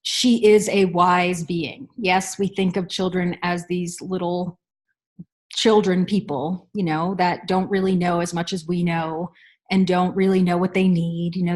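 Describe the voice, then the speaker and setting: A woman parenting coach answering listener questions in a measured, reflective way, with thoughtful pauses. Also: on the low side. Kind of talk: unscripted advice talk.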